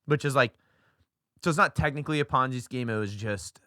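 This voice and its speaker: A man's voice: mid-range voice, fairly quick, sharp tone, dry recording, clean studio sound. A young man co-hosting a casual podcast, rambling through a story with lots of fillers and swearing. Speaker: podcast co-host. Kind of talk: casual chat.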